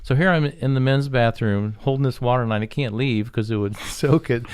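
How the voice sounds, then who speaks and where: A man's voice: mid-range voice, moderate pace, a little mellow, clean tone, dry recording. A man hosting a home remodeling radio talk show, telling folksy stories and laughing as he goes. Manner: folksy storyteller, laughs through anecdotes.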